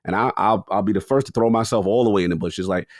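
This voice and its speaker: A man's voice: on the low side, fast talker, no echo, studio quality. A man co-hosting a gaming podcast in casual chat, laughing easily and calling his partner "bro". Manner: laughs often, says "bro" and "listen, man". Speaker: podcast co-host.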